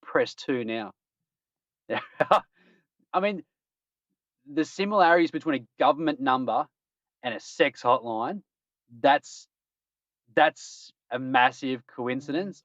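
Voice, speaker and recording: A cheeky Australian man hosts a podcast and riffs on strange news stories, chuckling at his own jokes. His voice sits at an ordinary middle pitch and sounds dry, with no room around it. The stream audio is dull and lo-fi. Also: a bit bright, dry recording. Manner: cheeky, jokey, laughs at his own puns. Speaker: podcast host. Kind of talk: casual news-roundup chat.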